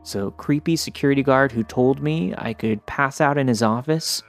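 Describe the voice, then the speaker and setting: A man reading a listener's story aloud in the first person, in steady scripted narration. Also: medium pitch, moderate pace, faint music behind.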